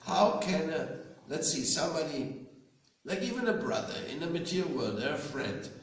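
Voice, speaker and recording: A man, a spiritual teacher, giving a slow devotional talk to an audience and often asking them questions. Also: a little high, very animated, recorded from a distance. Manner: slow, conversational, asks listeners questions. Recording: very echoey room, faint ambience.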